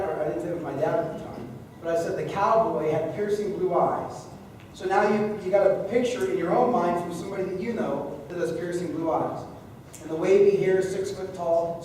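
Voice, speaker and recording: A man teaching a live seminar audience, talking in a lively, conversational way and joking with the room. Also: high-pitched, slight background noise. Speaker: speaking coach at a live seminar. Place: large hall with a live audience. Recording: echoey hall, voice from far off.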